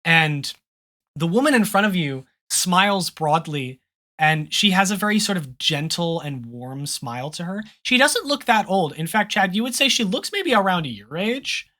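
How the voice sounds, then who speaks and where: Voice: mid-range voice, animated, moderate pace, sharp tone. A game master narrating a tabletop game with loose, filler-heavy descriptions.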